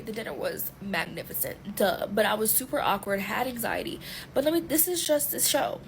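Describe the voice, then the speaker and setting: Excitable woman telling a story. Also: on the high side, brisk, a little hiss or hum, low-quality recording. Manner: animated storyteller, excitable, swears. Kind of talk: storytime, casual chat.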